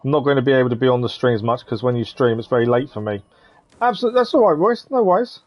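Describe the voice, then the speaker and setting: A man chats through a live gaming stream, friendly and rambling as he reads out viewers' messages. His voice sits in a middle pitch, recorded close and dry with no room echo. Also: animated, racing, lo-fi sound. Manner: chatty, friendly, reads chat aloud, says "to be fair" often. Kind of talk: casual gameplay commentary, chatting with viewers.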